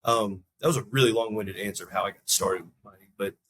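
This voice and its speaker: A young man on a podcast, telling a long personal story in a fairly low voice. His talk wanders with restarts, and he acts out the people in the story with jumps up in pitch. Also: fast, breathy edge, no room sound. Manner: animated storyteller, acts out quoted people in a raised voice; loose, rambling talk with many restarts. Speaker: podcast guest. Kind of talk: casual storytelling interview.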